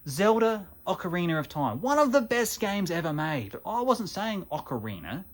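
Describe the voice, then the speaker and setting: A man's voice: high-pitched, sing-song, moderate pace. An Australian man with a chatty, self-mocking manner, talking casually to camera as host of a gaming channel.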